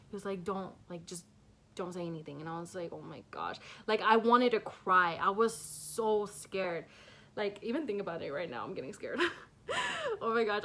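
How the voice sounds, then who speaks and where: A woman's voice: medium pitch, a bit bright. A young woman telling a personal story in a casual vlog, rambling with many fillers and nervous laughs. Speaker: vlogger.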